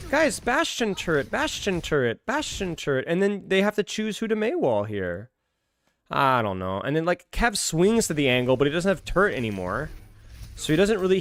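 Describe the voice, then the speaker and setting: An exasperated man talks through a match replay in a loose, rambling way, circling back to the same phrases again and again. His voice sits a touch high and swings widely in pitch. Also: fairly bright tone. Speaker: esports match reviewer. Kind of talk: casual game review commentary.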